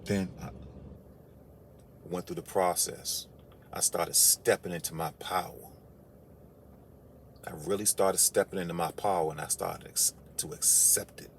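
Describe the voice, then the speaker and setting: A low-pitched man spins an animated monologue, leaning hard on his points and jumping up in pitch when something strikes him as outrageous. He has an emphatic, incredulous delivery. A faint background hiss sits under his voice. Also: a little slow, long pauses.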